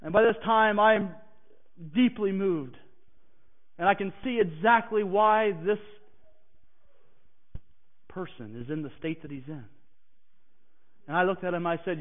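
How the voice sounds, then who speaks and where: A man preaching a personal testimony who swings from hushed, halting passages to emphatic declarations. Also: high voice, expressive. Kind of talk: sermon testimony. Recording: tinny phone-like sound.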